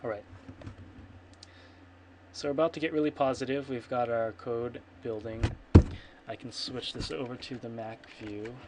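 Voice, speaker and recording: A man's voice: medium pitch, fairly even intonation, moderate pace, pauses often, heavy background noise. A man streaming his programming work, thinking aloud in a rambling, self-correcting way and muttering to himself. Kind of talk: casual thinking-aloud coding screencast. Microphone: computer microphone. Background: keyboard typing and clicks.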